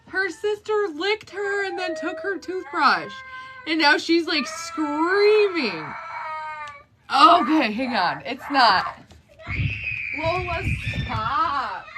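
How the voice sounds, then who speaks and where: A young woman filming on her phone at home, flustered and scolding as she tries to calm two crying little girls. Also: high-pitched. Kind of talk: casual phone vlog. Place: home, indoors. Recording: noisy home recording.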